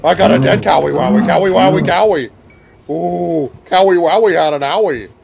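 Gravelly man doing goofy game commentary. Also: sits high, moderate pace, a little mellow. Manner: goofy baby talk and rhyming nonsense words. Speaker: gaming video host. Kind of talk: silly comedic let's-play commentary.

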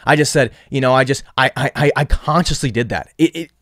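Guy talking solo on his podcast, mid-pitched, lots of stops and restarts, dry sound. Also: brisk, a bit bright, no echo. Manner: rambling, lots of restarts and repeated words. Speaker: podcast host.

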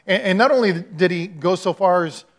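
Male pastor, sermon, slightly high voice, storyteller who acts out the quotes. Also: moderate pace. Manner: conversational storytelling, acting out quotes.

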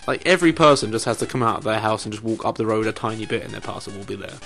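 Man, let's play commentary, sweary, deadpan, faint music behind. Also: on the low side, very fast. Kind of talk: casual gameplay commentary.

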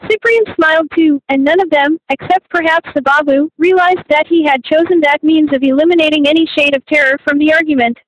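A woman's voice: high voice, steady tone, a little fast, few pauses, dry recording, low-quality recording. A woman reading a novel aloud as an audiobook narrator, in scripted narration.

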